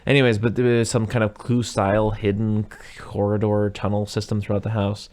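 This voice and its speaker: A man with a fairly low voice hosts a casual podcast about movies. He rambles loosely through scenes and drops into goofy voices as he retells them. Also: flat delivery, fairly quick, a little mellow. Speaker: podcast host. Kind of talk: casual movie-review chat.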